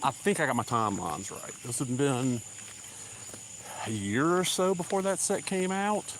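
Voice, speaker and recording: A man's voice: mid-range voice, lively intonation, normal speed, background noise. Southern man rambling on a country walk. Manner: rambling, casual, drawling asides. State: slightly out of breath from walking. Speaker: vlogger. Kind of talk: rambling live-stream chat while walking. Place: country road outdoors. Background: crickets and insects.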